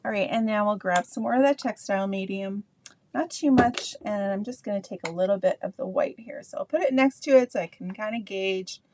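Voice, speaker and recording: A woman's voice: mid-range voice, brisk, darkish tone, a little hiss or hum. Chatty Canadian woman teaching painting. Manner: chatty, rambling with many ums and asides. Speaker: painting instructor. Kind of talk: live painting tutorial, chatting with viewers.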